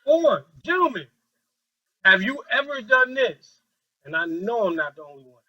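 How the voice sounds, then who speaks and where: Animated man leading a training workshop. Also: very high voice, normal speed, poor audio. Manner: animated, joking, acts out quoted voices. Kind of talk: lively training workshop talk. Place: training room with a group. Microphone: handheld mic.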